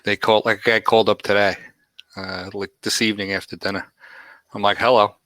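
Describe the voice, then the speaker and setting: A man's voice: fairly low pitch, flat delivery, brisk, bright, forceful tone, no room sound. A middle-aged man, a guest on a podcast, in a blunt, wisecracking casual chat.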